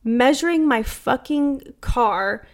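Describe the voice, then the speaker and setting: Podcast co-host, twenties, woman, fairly high-pitched, animated, swears a lot. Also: slow. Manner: animated storytelling, heavy swearing and fillers. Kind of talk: casual chat.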